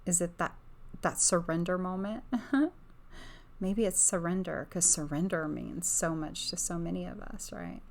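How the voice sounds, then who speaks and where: Soft-spoken, gravelly woman doing ASMR card reading. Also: fairly low pitch, a little slow. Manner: soft-spoken, slipping in and out of whispers; dreamy, enthusiastic, gushing. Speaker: oracle card reader and livestream host.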